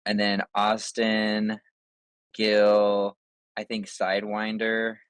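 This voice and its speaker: A man playing a tabletop game, chatting and planning his team out loud. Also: fairly low pitch, monotone, slow, smooth, dry recording. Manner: laid-back, planning out loud. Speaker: player. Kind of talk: casual tabletop chat.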